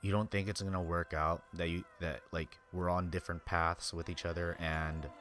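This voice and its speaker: A man's voice: sits low, flat delivery, moderate pace, a bit bright, faint music behind. A man live-streaming a game, venting angrily with heavy swearing and sometimes dropping to a tired whisper.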